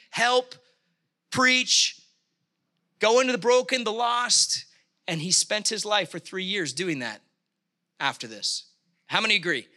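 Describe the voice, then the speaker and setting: Male pastor, middle-aged, high and very bright voice; fervent sermon delivery with emphatic bursts. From Canada. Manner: impassioned, emphatic bursts, halting restarts.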